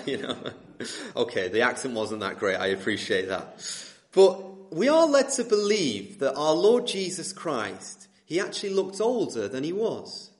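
A man's voice: medium pitch, wildly swooping pitch, measured pace. A man in his twenties preaching a sermon to a congregation, asking rhetorical questions and repeating phrases for emphasis. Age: 20s. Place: church hall with congregation.

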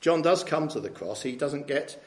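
A man's voice: on the high side, lively intonation, normal speed. A man preaching a sermon in a conversational way, often asking tag questions of his listeners. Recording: echoey room.

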